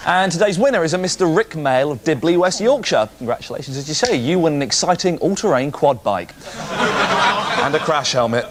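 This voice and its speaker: A man hosting a comedy show, delivering scripted links with a dry, deadpan touch. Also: a little high, brisk, very noisy. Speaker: host.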